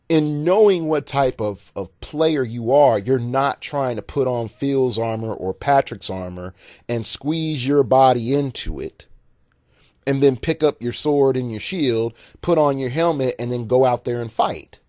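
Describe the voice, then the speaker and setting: A man's voice: medium pitch, unhurried, a little mellow, no echo, studio quality. Rambling man hosting a solo podcast. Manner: rambling, repeats words, chuckles at own jokes. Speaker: podcast host and game coach. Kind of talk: casual solo podcast monologue.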